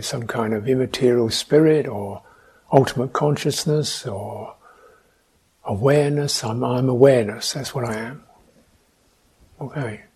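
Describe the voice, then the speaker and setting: A man giving a reflective meditation talk, speaking slowly, asking questions and adding soft hums between points. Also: mid-range voice, slightly rough. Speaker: meditation teacher. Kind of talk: dharma talk.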